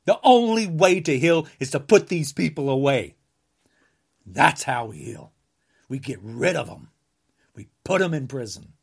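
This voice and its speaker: A man from the United States, a podcaster, delivering an angry political rant, combative and repeating insults, sometimes bursting into shouts. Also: mid-range voice, big pitch swings, measured pace, gravelly, long pauses, slightly rough.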